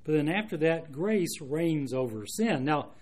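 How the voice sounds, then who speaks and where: Earnest preacher, man, higher voice. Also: lively intonation, a little mellow. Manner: earnest, measured, with frequent restarts and asides. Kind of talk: expository Bible sermon.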